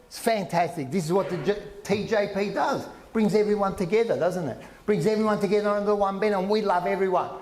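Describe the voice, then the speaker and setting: A man doing brash stand-up comedy at a live function, teasing the crowd with loud outbursts. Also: high voice, fast talker, few pauses. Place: function room with a live audience. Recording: echoey room with audience.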